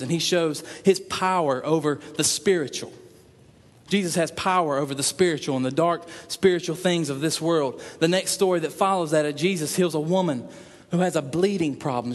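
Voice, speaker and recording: A man preaching a sermon in an earnest way, repeating phrases for emphasis and voicing prayers aloud. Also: a little high. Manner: earnest, repetitive emphasis, acts out prayers in quotes. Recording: long reverb in a hall.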